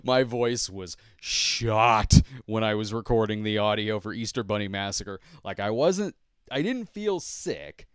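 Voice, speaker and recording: Smooth, low-voiced man chatting casually. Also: expressive, unhurried, fairly bright tone, no room sound, clean studio sound. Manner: rambling and self-deprecating, chuckling often. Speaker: podcast host and movie reviewer. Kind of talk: casual podcast chat answering viewer questions.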